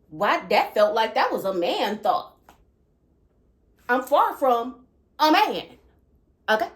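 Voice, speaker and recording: A woman's voice: a little high, slow, pauses often. A woman hosting her own channel, talking earnestly about spiritual experiences and often checking in with listeners by asking "okay?". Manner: animated and emphatic when recounting disturbing thoughts. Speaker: channel host. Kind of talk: earnest spiritual vlog talk.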